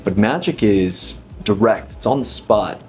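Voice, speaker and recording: A man's voice: lowish voice, animated, a little slow, darkish tone. A man in his thirties, a magician, talking reflectively as an interview guest, with frequent restarts. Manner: thoughtful, many restarts, leans on 'inevitably'. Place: dinner table.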